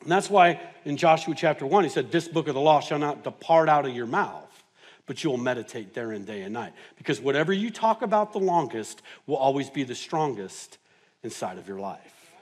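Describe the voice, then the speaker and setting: A male pastor preaching a sermon in a church, mixing stories and humorous asides, his delivery swinging from hushed to loud and emphatic. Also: medium pitch, expressive, a little fast. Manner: humorous, self-mocking asides. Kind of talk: sermon with personal storytelling. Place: church sanctuary.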